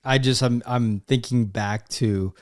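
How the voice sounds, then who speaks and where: A man's voice: medium pitch, steady tone, unhurried, no room sound. Young man, podcast co-host, dry close sound, playful and joking, rambling stories. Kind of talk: casual podcast chat.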